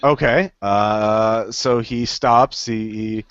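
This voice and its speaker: A man running a tabletop horror game as game master, talking in a relaxed, halting way. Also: on the low side, clean tone, no echo, dull audio. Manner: relaxed, halting, many fillers.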